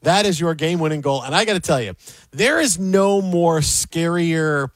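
A male sports talk host argues his takes with emphasis and a joking edge. His voice sits high for a man. The sound is close and dry. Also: normal speed, no echo. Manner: emphatic, opinionated, jokey.

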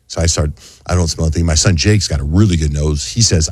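A man's voice: quick pace, breathy edge, no echo, studio quality. A man in a casual chat, telling a story animatedly and acting out other people's lines in a raised voice. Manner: animated storyteller, acts out quotes in a high voice.

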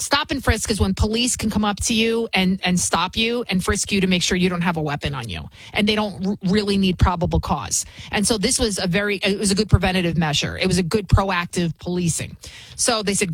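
Woman commentator, husky, dry close sound, emphatic and sarcastic, lots of rhetorical questions. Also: mid-range voice, a little fast, no echo, low-quality recording. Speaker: political commentator. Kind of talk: opinionated commentary. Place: New York City.

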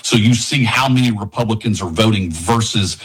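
A man's voice: lowish voice, fairly quick, fairly bright tone, poor audio. Candidate guest, male, from Tennessee; emphatic, repeats his points. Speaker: congressional candidate. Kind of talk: radio interview guest.

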